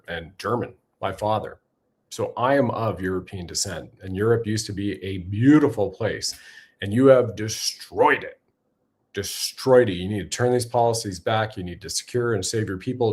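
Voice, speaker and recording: A man hosting a political commentary show, talking emphatically and conversationally with frequent fillers. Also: fairly low pitch. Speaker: show host.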